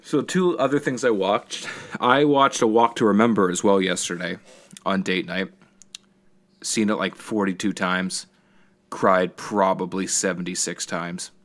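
A man's voice: deep voice, a little slow. A young man co-hosting a podcast, casually and animatedly retelling movie scenes, swearing often and acting out the lines. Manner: animated storyteller, acts out movie scenes with profanity. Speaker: podcast co-host. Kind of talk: casual chat.

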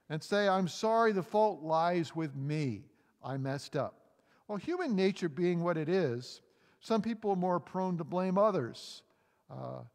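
A male pastor with a New England accent delivers a sermon in a slightly high voice, ringing out through a church sanctuary with a long reverb tail. He preaches with energy, swinging between emphatic lines and softer scripture reading, and acts out the quotes.

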